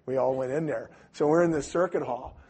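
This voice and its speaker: Preaching with a medium-pitched, slightly rough voice, this man delivers his sermon briskly through conversational storytelling. He is an animated storyteller who acts out the people he quotes, using plenty of fillers and restarting often.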